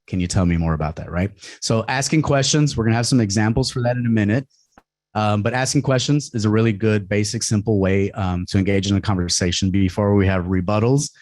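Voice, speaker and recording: Low-voiced man giving a workshop talk. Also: no echo, clean studio sound. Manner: conversational, many fillers and tag questions. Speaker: presenter. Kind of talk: community workshop presentation.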